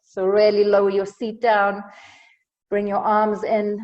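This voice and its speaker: A woman leads a yoga class at an unhurried pace, calling breaths and poses with light humor. She sounds a little out of breath from moving along. Her voice carries a long reverb tail, as if in an open studio. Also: mid-range voice, lo-fi sound. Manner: calm instructional cueing with light humor. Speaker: yoga instructor. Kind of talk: guided yoga class cues.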